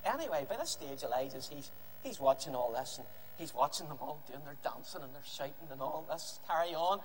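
Telling a Bible story to his congregation, a male preacher acts out the scenes in a lively, fairly quick delivery, his high voice ranging widely in pitch. It's an animated children's Bible story, heard in a reverberant hall with faint background hiss.

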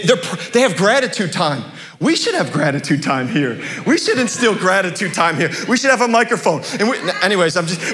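A young man preaching in a church with a high voice. He keeps it conversational, chuckling often and restarting his sentences. His tone is bright. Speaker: pastor. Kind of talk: sermon. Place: church sanctuary.

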